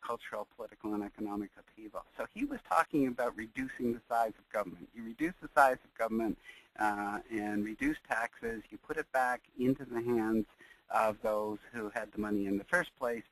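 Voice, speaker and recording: A man presenting a webinar lecture, speaking in a measured, searching way with frequent pauses. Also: medium pitch, low-quality recording.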